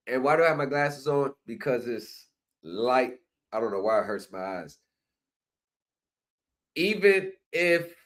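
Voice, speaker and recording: A man's voice: on the high side, a bit bright. A man hosting a livestream, lecturing his viewers with repeated rhetorical phrases. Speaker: streaming commentary host. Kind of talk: livestream commentary.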